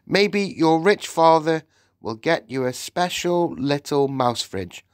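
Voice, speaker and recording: A man's voice: on the high side, expressive, takes it slowly, no echo, clean studio sound, voice pushed up. A man voicing a sensible young boy who has been turned into a mouse, explaining things patiently and matter-of-factly in an audiobook.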